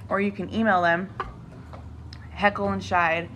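A woman's voice: medium pitch, little pitch movement, a little slow, noisy background. A young woman co-hosting a podcast in casual chat, swearing often and laughing through her words. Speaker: podcast co-host.

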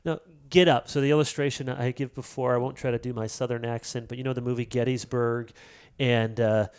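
A man's voice: medium pitch, brisk, smooth. Earnest middle-aged man telling stories. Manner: earnest, animated storytelling with acted-out quotes. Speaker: pastor and author, interview guest. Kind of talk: casual interview conversation.

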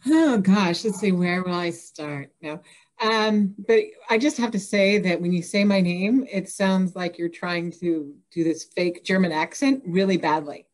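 A woman's voice: on the low side, unhurried. A woman from Indiana, an author guest in a casual interview, laughing and self-deprecating with many fillers. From Indiana, USA.

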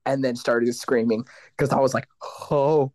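A man's voice: medium pitch, fairly even intonation, a little slow, a little mellow, no echo. A man, a guest vocalist in a casual interview, telling stories animatedly, acting out the voices of others and swearing casually.

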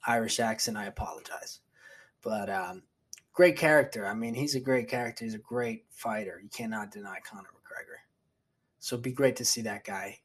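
Husky man chatting loosely and profanely. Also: medium pitch. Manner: rambling, profane, restarts a lot. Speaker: podcast host. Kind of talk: solo casual chat.

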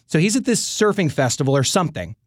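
Animated storytelling man, lively pitch. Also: quick pace, no echo, clean studio sound. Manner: animated, acts out quoted voices. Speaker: co-host. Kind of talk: casual storytelling chat.

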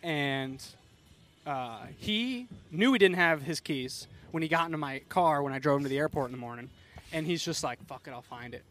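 A podcast host with a slightly high male voice chats casually. He teases a friend through quick, story-driven banter. He is recorded outdoors on a boat on a lake. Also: expressive, a bit bright. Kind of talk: casual chat.

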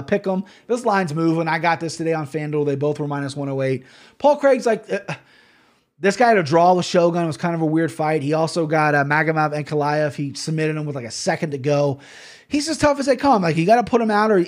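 Podcast host, male, high-pitched, brash and profane, rambling betting picks. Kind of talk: casual betting picks monologue.

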